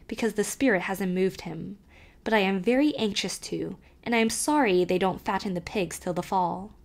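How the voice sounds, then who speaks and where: A woman narrating an audiobook, reading a child's first-person letter aloud with expressive, varied delivery. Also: medium pitch, moderate pace, creaky.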